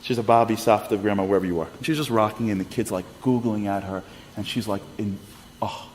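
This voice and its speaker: A man telling a story to an audience in a lively, repetitive way, often asking the audience questions. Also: on the low side, fast. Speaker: speaker. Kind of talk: animated storytelling talk. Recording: reverberant hall, faint noise.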